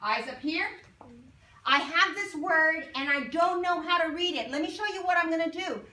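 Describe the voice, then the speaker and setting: A woman teaching a phonics lesson to young children, sounding out words slowly and asking coaxing questions. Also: very high-pitched, bright, forceful tone. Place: classroom. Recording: roomy classroom from far off, faint noise.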